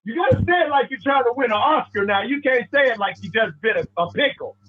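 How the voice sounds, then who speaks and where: A man's voice: extremely high pitch, lively intonation, fast talker. A man giving a playful motivational talk to a sales team, acting out little scenes as he goes. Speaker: motivational speaker. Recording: tinny phone-like sound.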